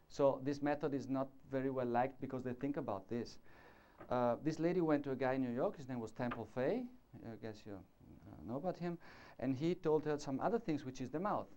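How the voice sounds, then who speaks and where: A man's voice: medium pitch, dark tone. A man giving a live conference lecture on orthodontics, talking in a discursive way, demonstrating with gestures and checking in with the audience. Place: lecture hall before an audience. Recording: dull lo-fi 1990s conference tape.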